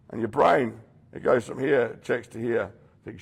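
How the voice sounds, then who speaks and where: Man, very gravelly and husky, blunt rehab speaker who calls out his listeners directly. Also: mid-range voice, expressive, normal speed. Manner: blunt, addresses listeners directly, acts out quoted voices. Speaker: rehab program leader speaking to residents. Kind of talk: confronting motivational talk.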